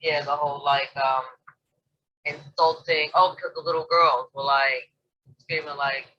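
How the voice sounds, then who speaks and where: A co-host of a tarot review chatting casually, telling animated stories and acting out what people said, laughing along. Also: medium pitch, moderate pace, slightly rough, lo-fi sound. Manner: animated storyteller, acts out quotes, laughing. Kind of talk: casual chat.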